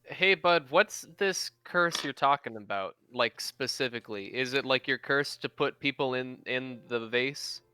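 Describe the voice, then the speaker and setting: A man's voice: medium pitch, unhurried, few pauses, bright, forceful tone, smooth. A man playing a tabletop game who asks casual, direct questions. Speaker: player.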